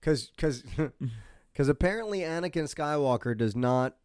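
A man's voice: fairly high pitch, lively intonation, measured pace, darkish tone, smooth, dry recording, clean studio sound. A man co-hosting a casual podcast chat, making wry, joking asides. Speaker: podcast co-host.

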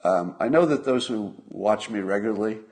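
A man's voice: lowish voice, expressive, normal speed, a little mellow. Older man giving solo spoken commentary. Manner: conversational, repeats points for emphasis, rhetorical questions. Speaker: host of a commentary stream. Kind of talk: solo political commentary to viewers.

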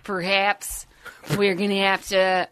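A woman voicing a blunt Canadian sports fan in a mock Canadian accent with a slow, deadpan drawl. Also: mid-range voice, slight background noise, poor audio.

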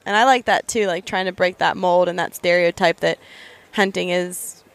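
A woman's voice: fairly low pitch, fairly even intonation, normal speed, no echo. A young woman, a guest on a podcast, talking casually in an upbeat, chatty way. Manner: chatty, upbeat, laughs often. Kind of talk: casual interview chat.

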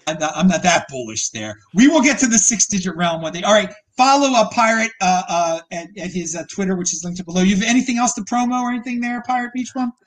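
A man's voice: high-pitched, quick pace, few pauses. A man hosting a casual podcast, joking around with his guests and often restarting his sentences. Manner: joking, animated, many restarts. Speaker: podcast host.

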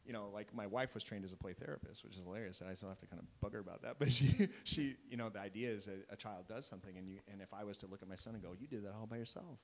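A man's voice: on the low side, very fast, vocal fry, few pauses. A man in his thirties, a youth soccer coach, chatting casually and acting out quotes as he tells stories. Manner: animated storyteller, acts out quotes. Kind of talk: casual podcast chat.

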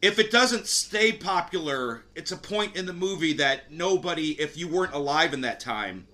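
A man with a higher-than-usual, bright and forceful voice hosts a casual movie podcast. He talks through scenes in a chatty way, sometimes slipping into quick mimicry of the characters. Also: expressive. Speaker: podcast host. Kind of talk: casual movie review chat.

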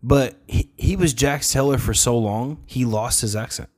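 A man's voice: medium pitch, normal speed. An American man chatting casually on a podcast, laughing often and telling stories with lots of energy. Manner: laughs often, animated storytelling. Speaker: podcast co-host. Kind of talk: casual chat.

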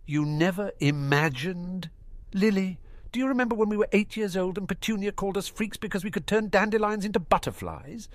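A man's voice: mid-range voice, sing-song, brisk, fairly bright tone, no echo, pitched above the performer's own voice. A man voicing a bitter, weary male professor who speaks in cold, clipped, tired tones. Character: bitter, weary sardonic male potions master.

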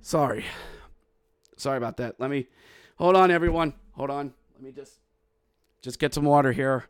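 A man hosting a casual hockey recap, calling the plays and breaking into shouted goal calls, with jokey, self-mocking asides. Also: mid-range voice, moderate pace, smooth, no room sound, studio quality. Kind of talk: casual game recap with play-by-play.

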